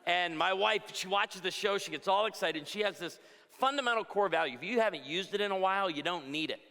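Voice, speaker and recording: A pastor and speaker in his forties from outside Chicago gives a humorous conference talk before a live audience in a large, reverberant hall. He tells jokey stories with punchlines and asks the crowd for amens. His voice is high-pitched, fast and sharp.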